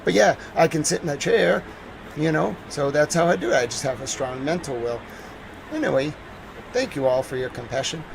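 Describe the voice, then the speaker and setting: A man's voice: on the high side, animated, moderate pace, creaky, crowd noise, rough recording. A man in his thirties with a Boston accent, talking casually on a news livestream and rambling with lots of fillers. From New England.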